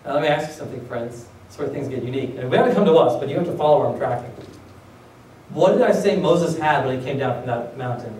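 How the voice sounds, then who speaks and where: Talking fast in a mid-range, darkish voice, this preacher fires rhetorical questions at his congregation and performs the voices of characters in his stories. His sermon in the church sanctuary is recorded from a distance in an echoey room, with slight background noise.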